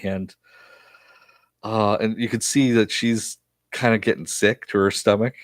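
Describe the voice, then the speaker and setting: A man giving a casual, chatty spoken recap of a TV episode, often laughing and pausing with fillers. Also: on the low side, steady tone, no echo, clean studio sound. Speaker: TV episode reviewer.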